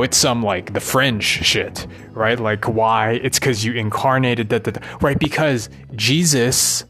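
A man's voice: medium pitch, a bit bright. A rambling, profane man venting. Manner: profane, ranting, keeps asking "right?". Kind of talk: rambling monologue.

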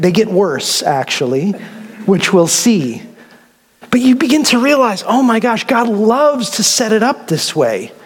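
Male pastor, high voice, lively casual sermon with humor, recorded in a reverberant hall. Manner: animated and conversational, with humor.

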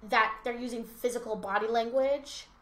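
A woman's voice: on the high side, steady tone, normal speed, a bit bright. A young woman, a teacher, co-hosting a casual podcast and telling stories animatedly, acting out the kids' voices. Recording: roomy echo.

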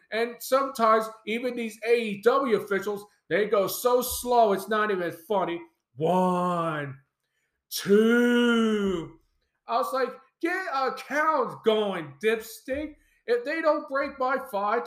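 A man with a high-pitched voice hosts a podcast, reading a rules memo aloud and adding emphatic opinions of his own. He mock-shouts when quoting wrestlers, and the sound is roomy.

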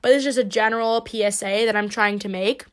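A woman's voice: mid-range voice, fairly even intonation, fast talker. A young woman hosting a podcast, telling stories in a brash, joking, profane way. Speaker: podcast host. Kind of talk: casual solo podcast chat.

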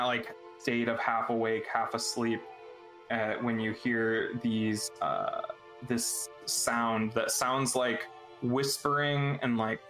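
A man's voice: medium pitch, a bit bright, reverberant, rough recording. A man narrating a tabletop game as game master, loose and laughing, full of filler words.

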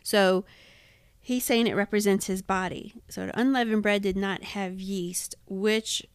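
A woman's voice: medium pitch, steady tone, measured pace, clean tone, no room sound. A woman co-hosting a Bible study podcast, explaining the symbols plainly in homely words. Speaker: podcast co-host. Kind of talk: casual Bible study chat.

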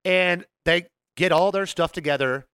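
A man's voice: high-pitched, normal speed, a bit bright, clean tone, dry recording. A man telling a story in casual chat, acting out the quotes and laughing often.

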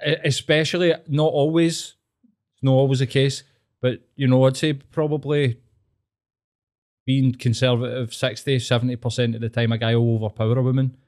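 A man's voice: mid-range voice, fairly even intonation, darkish tone. Scottish host, young man, blunt sweary banter. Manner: blunt, sweary, quick talker. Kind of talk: casual chat.

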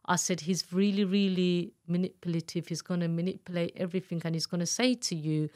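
A woman tells her own story in an interview, with a voice that sits slightly low. She speaks candidly and earnestly and slips into the voices of the people she quotes. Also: steady tone, brisk, a little mellow. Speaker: guest, abuse survivor telling her story. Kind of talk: emotional personal storytelling.

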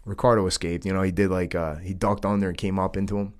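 Laid-back man in his thirties, low voice. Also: flat delivery, quick pace. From New York, United States. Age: 30s. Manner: easygoing, says dude and man often. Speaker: podcast host. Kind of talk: casual chat.

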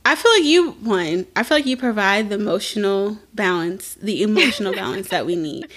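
A young adult woman co-hosting a podcast in casual chat, candid and animated, swearing freely and acting out quotes. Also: mid-range voice, fairly quick. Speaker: podcast co-host.

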